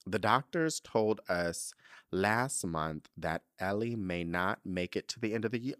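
A man's voice: lowish voice, measured pace, fairly bright tone, clear, resonant tone, no room sound, studio quality. A man hosting a podcast, reading out a listener letter and reacting with emotional, dramatic asides. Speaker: podcast host.

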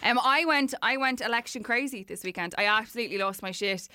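A woman co-hosting a podcast in casual chat, with quick, teasing reactions. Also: a little high, bright, forceful tone, no echo, studio quality. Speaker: podcast co-host.

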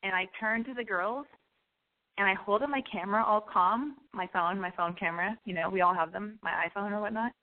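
A woman telling a comic story in an animated, rambling way, full of restarts and asides. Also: medium pitch, brisk. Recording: tinny phone-like sound.

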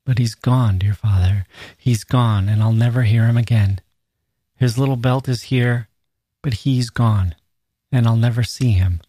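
A man's voice: mid-range voice, a little slow, warm tone, slightly rough, no room sound, clean studio sound. A man reading as a grieving peasant mother. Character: grieving peasant mother, middle-aged woman.

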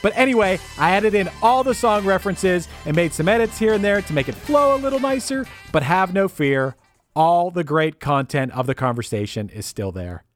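A man's voice: high voice, expressive, normal speed, soft background music. A man who produces a podcast, giving a casual, upbeat episode intro with playful, jokey asides.

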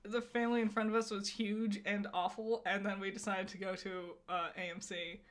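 In this clip her voice is medium-pitched and flat, at a moderate pace. She's co-hosting a podcast, chatting casually, full of fillers and frequent laughter.

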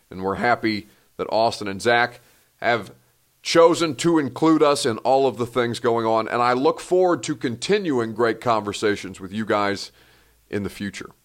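A male podcast host giving a heartfelt, thankful sign-off to his listeners, a little emotional. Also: mid-range voice. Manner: earnest, thankful, slightly emotional.

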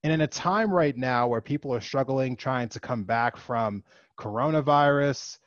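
A man's voice: mid-range voice, normal speed, no echo. Male commentator, passionate opinion monologue, filler-heavy, emphatic peaks, dull dry recording. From United States. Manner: impassioned, rising to emphatic outbursts; frequent fillers like "you know" and "like". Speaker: political commentator.

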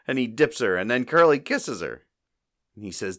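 A man's voice: mid-range voice, wildly swooping pitch, moderate pace, pushed and bright. A man hosting a podcast, casually recapping a comedy short and acting out the characters' lines in silly voices, laughing often. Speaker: podcast host.

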